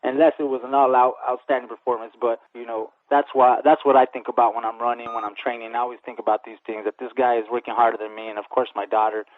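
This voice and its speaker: A man, a professional boxer, answering interview questions in a quick, earnest way and often repeating words as he starts a thought. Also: medium pitch, flat delivery, no room sound. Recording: tinny phone-like radio sound, dry.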